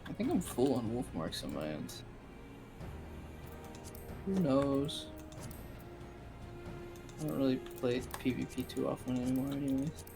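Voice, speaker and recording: A man's voice: medium pitch, lively intonation, a little slow, creaky, long pauses, music in the background. A man in casual gaming chat, talking about his game in a tired, self-deprecating way. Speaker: gaming streamer.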